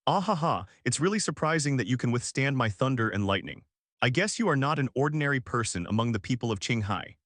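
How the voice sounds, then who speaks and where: A man's voice: mid-range voice, animated, fast, fairly bright tone, no echo, clean studio sound. Synthetic male voice doing Enel, a mocking thunder god. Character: arrogant thunder god man, cold and mocking.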